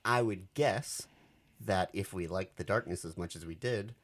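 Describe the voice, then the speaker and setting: A man's voice: sits low, moderate pace, fairly bright tone. Laid-back male podcast co-host. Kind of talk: casual chat.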